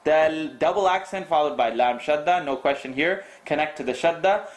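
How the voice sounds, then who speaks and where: A man teaching Quran recitation rules, reciting verses and repeating sounds slowly to correct students. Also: on the high side, echoey room. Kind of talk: tajweed lesson with recited demonstrations.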